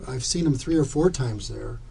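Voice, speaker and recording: A man talking in an animated, rambling way during a casual studio podcast chat. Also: on the high side, moderate pace, noisy background. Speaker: podcast regular.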